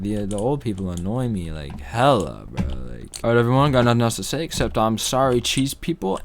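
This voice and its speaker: Rambling young man joking over gameplay. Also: lowish voice. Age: young adult. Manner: rambling, absurd deadpan jokes. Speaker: gaming commentator. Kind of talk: casual gameplay commentary. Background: faint keyboard clicks.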